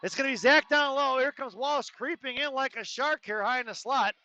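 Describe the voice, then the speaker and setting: High bright-voiced male hockey announcer. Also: no room sound. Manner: rapid-fire play calling with joking asides. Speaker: play-by-play announcer. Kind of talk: live hockey commentary. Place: ice arena. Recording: dull lo-fi arena stream with faint noise.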